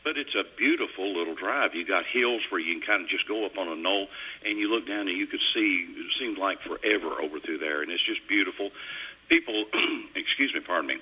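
A man's voice: sits low, brisk, slightly rough, phone-quality sound. A middle-aged man, hosting a radio show in a folksy, rambling storytelling way. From Kentucky. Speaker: radio host. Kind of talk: casual on-air chat. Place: radio studio.

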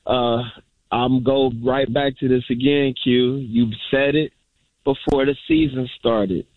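A male caller who speaks in measured, rallying phrases and repeats his points. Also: medium pitch, fairly even intonation, dry recording. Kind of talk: fan call-in. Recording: tinny phone line.

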